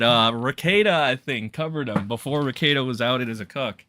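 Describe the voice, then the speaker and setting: A man's voice: medium pitch, animated, brisk, hardly any pauses, noisy background. A man doing casual livestream commentary, blunt and profane, rambling loosely as he reacts to chat. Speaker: streamer reacting to drama.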